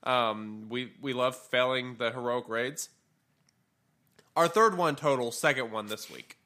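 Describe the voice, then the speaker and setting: A man co-hosting a gaming podcast, talking in a relaxed, rambling way with plenty of fillers. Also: mid-range voice, measured pace. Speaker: podcast co-host. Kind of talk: casual gaming podcast chat.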